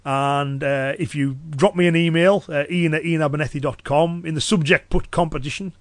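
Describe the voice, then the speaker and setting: Man, Cumbrian accent, podcast host, easygoing and chatty, somewhat high pitch, dry sound. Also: moderate pace, dry recording. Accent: Cumbrian English. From Cumbria, northwest England. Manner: relaxed and chatty, with many fillers. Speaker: podcast host and self-protection instructor. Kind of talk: solo podcast talk.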